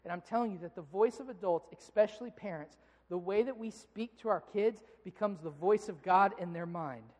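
Speaking at normal speed with hardly any pauses, a high-voiced pastor in his thirties delivers a sermon to a congregation. His earnest, direct manner escalates as he acts out stories with growing, animated anger, all echoing through a large hall's long reverb.

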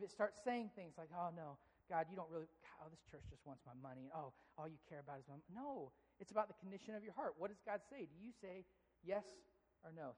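A pastor preaching a sermon in an animated way, acting out inner voices. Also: mid-range voice, in a large hall.

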